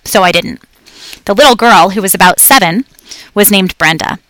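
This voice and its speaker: A woman reads a children's story aloud with clear, lively storytelling. Her voice sits at a middle pitch. The recording is dry, with no room sound. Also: normal speed, no echo. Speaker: audiobook reader. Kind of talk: scripted storybook narration.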